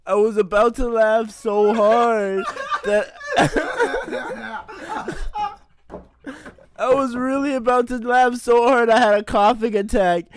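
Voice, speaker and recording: A young man in casual podcast chat, telling animated stories and breaking into laughter. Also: very high-pitched, slow, a crowd in the background.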